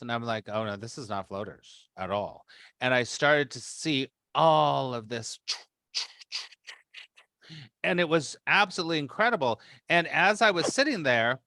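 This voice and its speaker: A man leading a spiritual meeting, telling a personal story in a rambling, animated way, acting out his own reactions. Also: on the high side, dry recording, studio quality. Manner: rambling with frequent restarts. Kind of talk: casual storytelling to a group.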